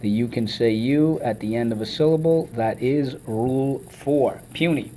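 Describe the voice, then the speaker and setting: Energetic male teacher drilling vocabulary. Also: mid-range voice, moderate pace, a little hiss or hum. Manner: energetic, chants words syllable by syllable. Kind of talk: vocabulary lesson with call-and-response drills.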